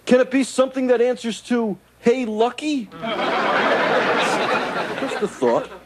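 A man voicing a wisecracking, needy male alien in a sitcom, fast with jokes and quick to plead. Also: very high voice, fairly even intonation, over a noisy crowd. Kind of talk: 1980s sitcom acting. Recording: loud studio audience laughter, noisy.

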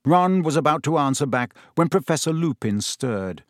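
A man narrating an audiobook with expressive storytelling. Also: on the high side, moderate pace, dry recording, clean studio sound. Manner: expressive storytelling with character voices. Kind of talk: scripted narration.

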